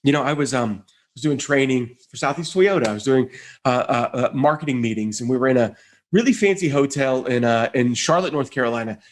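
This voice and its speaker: A man giving a conference keynote, telling an animated story and acting out the voices of the people in it. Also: a little fast. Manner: animated, high-energy storytelling with acted-out quotes. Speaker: conference speaker.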